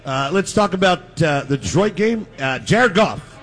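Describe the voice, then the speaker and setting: A man hosting a live sports radio show from a restaurant, loud and joking. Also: high-pitched, animated, unhurried. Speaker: radio host.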